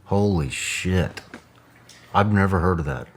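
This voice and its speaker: A man's voice: low-pitched, measured pace. A man hosting an interview, reacting bluntly with swearing. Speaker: podcast host.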